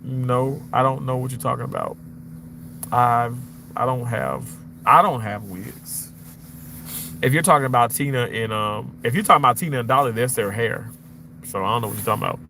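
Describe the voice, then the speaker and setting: Broadcasting a casual livestream from his car, a man from Mississippi, US, reads viewer comments aloud at a normal pace. He's chatty and playful, his voice swinging up high when he gets excited, with a little hiss or hum in the background.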